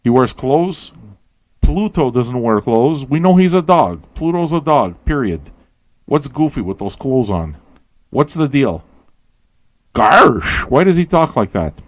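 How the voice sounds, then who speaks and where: A man hosting a radio show, rambling and swearing as he questions everything aloud, tired and high. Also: very animated, measured pace, a little mellow, no echo. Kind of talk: casual rambling talk to listeners.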